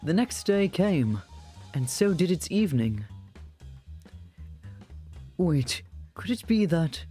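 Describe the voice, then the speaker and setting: Vaguely British young man, as a man puts him on, first-person story narration, lively intonation, faint music behind. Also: a little high, slow pace, long pauses, pitched above the performer's own voice. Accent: vaguely British, put on. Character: young male main character, driven searcher.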